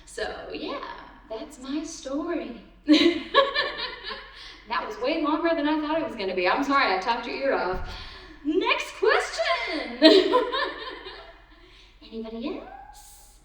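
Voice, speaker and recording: On a panel in a big convention hall, a thirtysomething woman who does voice acting shares stories during a casual Q&A, giggly and rambling with lots of ums. Her high, slightly bright voice is sing-song and slow with long pauses, heard echoing from far away.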